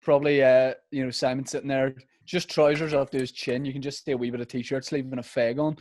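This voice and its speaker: A man, co-hosting a podcast and telling an animated comic story. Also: medium pitch, quick pace, slight background noise. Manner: animated, slips into mimicking voices mid-story. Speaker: podcast co-host. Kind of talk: casual comedic storytelling.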